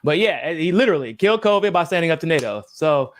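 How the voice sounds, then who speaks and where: A young man chats casually on a podcast. His voice sits a bit high and swoops widely as he talks. He swears freely. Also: fast talker. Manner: animated, swears freely, acts out others' voices. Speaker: podcast co-host. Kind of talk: casual chat.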